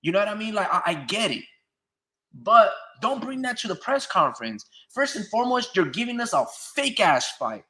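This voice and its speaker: A man's voice: high voice, big pitch swings, normal speed, sharp tone. Fired-up man ranting about boxing. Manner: blunt, ranting, profane, fired up. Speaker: boxing commentator. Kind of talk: opinionated solo commentary.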